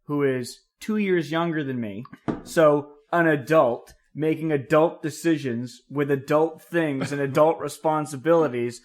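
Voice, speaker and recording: Casting: man, podcast co-host, a bit high-pitched, dry teasing delivery. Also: unhurried. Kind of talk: casual chat.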